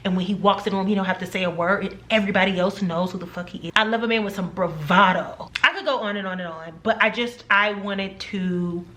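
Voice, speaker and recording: A woman's voice: medium pitch, fast talker, hardly any pauses, a bit bright. A woman in her forties chatting casually to her viewers, playful and emphatic with teasing asides. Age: 40s. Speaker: vlogger. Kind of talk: casual chat to camera.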